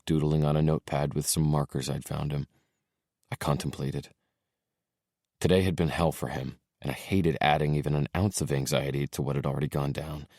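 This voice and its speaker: A man narrating an audiobook in a soft, subdued way, dropping his voice low for tender moments. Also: no echo, clean studio sound.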